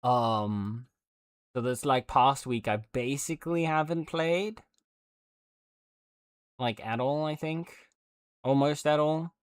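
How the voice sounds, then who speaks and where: A man's voice: medium pitch, takes it slowly, pauses often, clean tone, no echo, clean studio sound. A man livestreaming a game, chatting casually with viewers in a rambling way with lots of fillers and restarts.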